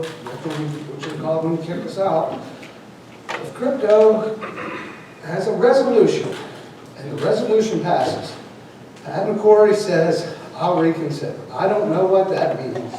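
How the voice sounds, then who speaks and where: A man making an impassioned, defiant public comment at a meeting. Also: on the high side. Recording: echoey hall from far off, noisy.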